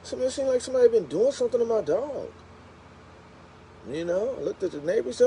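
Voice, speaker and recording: Chatty man telling stories, mellow voice. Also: extremely high pitch, fairly quick, long pauses, a little hiss or hum, rough recording. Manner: chatty, animated storyteller. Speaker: live streamer. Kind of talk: casual storytelling on a livestream.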